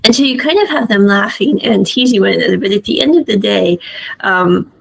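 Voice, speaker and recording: Gravelly, husky woman reviewing a show. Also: medium pitch, brisk, rough recording. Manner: chatty, retells scenes with frequent asides. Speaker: series reviewer. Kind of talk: casual spoken review.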